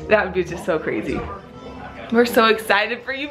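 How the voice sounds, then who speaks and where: A young woman vlogging with her family, excitable and quick to laugh and squeal. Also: mid-range voice, over music, poor audio. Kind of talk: excited family vlog chat.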